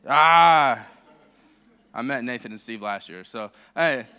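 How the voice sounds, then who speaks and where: The guest pastor, an American man, preaches slowly and expressively in a mid-range voice that's bright, forceful, and clean. Holding a handheld microphone in the church sanctuary, he jokes, pokes fun at himself, and rambles into his sermon.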